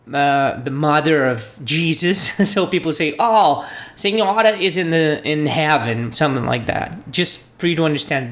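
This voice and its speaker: A woman teaching a language lesson, patiently repeating phrases for learners. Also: deep voice. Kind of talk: slow spoken language lesson.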